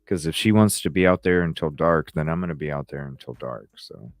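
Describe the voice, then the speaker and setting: A man's voice: a bass voice, lively intonation, brisk, no room sound, clean studio sound. A man hosting a late-night podcast livestream, tired and yawning, talking casually with plenty of swearing as he reads and answers viewer comments. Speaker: podcast host.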